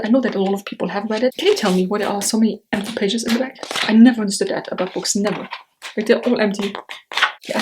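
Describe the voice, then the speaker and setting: A woman's voice: mid-range voice, noisy background. Chatty, rambling woman book vlogger. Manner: chatty and rambling, blunt opinions, frequent fillers. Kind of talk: casual chat to camera.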